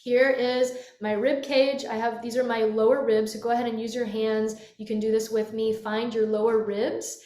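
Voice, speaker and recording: A woman voice coach guides a vocal lesson on camera, her voice a little high. She stops often to show sighs and yawning sounds. The room around her rings with a clear echo. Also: little pitch movement, normal speed, hardly any pauses, dark tone. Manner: demonstrative, swoops into yawns and sighs. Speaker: voice teacher. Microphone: webcam. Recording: echoey room.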